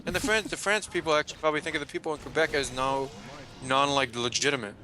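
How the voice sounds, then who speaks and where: A young man rants over gameplay, rambling and cursing freely. His comes fast and bright, a touch higher than most men. Faint background noise sits under his voice. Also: animated. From Canada. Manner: rambling, profane, ranting. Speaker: let's-play co-host. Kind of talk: casual chat over gameplay.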